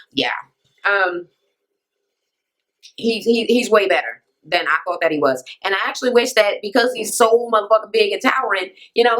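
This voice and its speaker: A woman vlogger giving a blunt, profane, animated rant while recapping a reality TV episode and acting out what the people said. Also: on the low side, low-quality recording. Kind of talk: casual ranting recap.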